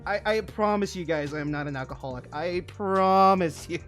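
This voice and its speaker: A man's voice: on the high side, unhurried, fairly bright tone, soft background music. A young man streaming while he builds models, telling a long funny story in casual chat, laughing and swearing often.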